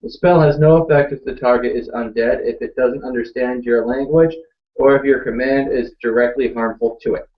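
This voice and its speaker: A man's voice: mid-range voice, fairly even intonation, moderate pace, muffled recording. Casual man playing a tabletop game. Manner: casual, reads rules aloud. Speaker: player.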